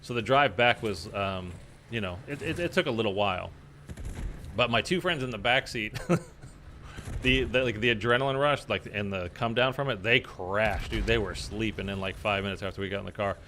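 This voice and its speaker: Man, casual storytelling, rambling with lots of fillers, bright tone, faint ambience behind. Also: fairly low pitch, moderate pace, slight background noise. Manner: rambling, many fillers, acts out quotes loudly. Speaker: streamer. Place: in Los Angeles.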